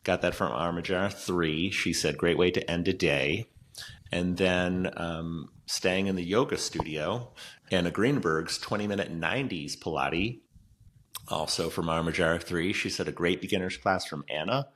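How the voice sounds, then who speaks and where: A man's voice: low-pitched, normal speed, fairly bright tone. A man co-hosting a podcast, chatting loosely and casually, often trailing off mid-sentence. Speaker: podcast co-host. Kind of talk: casual news chat.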